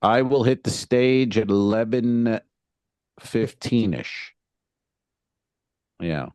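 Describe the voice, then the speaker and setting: Low-voiced comedian telling road stories. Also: male voice, slow, smooth, dry recording. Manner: animated storytelling, acts out hecklers and himself on stage. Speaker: stand-up comedian and podcast co-host. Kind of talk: casual chat.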